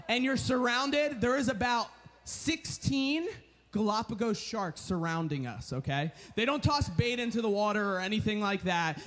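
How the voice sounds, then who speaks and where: A young man giving a storytelling sermon at a retreat, animated and chatty with lots of filler words. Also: high voice. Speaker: retreat speaker.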